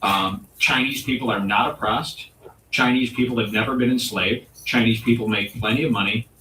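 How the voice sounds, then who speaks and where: Bright-voiced man ranting in an echoey room. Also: mid-range voice, steady tone, slight background noise. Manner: provocative, mock-serious ranting with dramatic pauses. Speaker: comedy show host. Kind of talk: comedic rant. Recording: roomy echo, distant mic.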